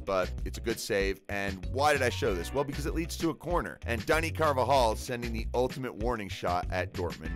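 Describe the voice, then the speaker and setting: A man narrating a football tactics breakdown over match footage, explaining plays in a conversational, explanatory way. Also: medium pitch. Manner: conversational, explanatory, animated at key moments.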